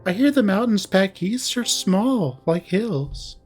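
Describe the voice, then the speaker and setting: A man voicing a confident young woman about to leave home for college, speaking softly and a little wistfully in a visual novel read-aloud. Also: sits high, expressive, slow, husky, soft background music, voice pushed up, exaggerated voice.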